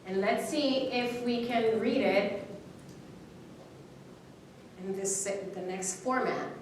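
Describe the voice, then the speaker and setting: A woman teaching public speaking at a live seminar, coaching a student and modeling an expressive reading with pauses and emphasis. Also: a little high. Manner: encouraging, expressive, demonstrates dramatic reading. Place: university hall seminar. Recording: very echoey hall from far off, faint noise.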